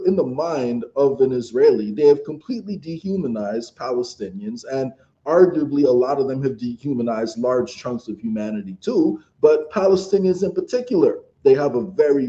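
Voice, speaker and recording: A man's voice: mid-range voice, warm tone, muffled recording. A man co-hosting a political podcast, talking casually and rambling with lots of fillers. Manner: rambling, many fillers like "like" and "you know". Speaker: podcast co-host.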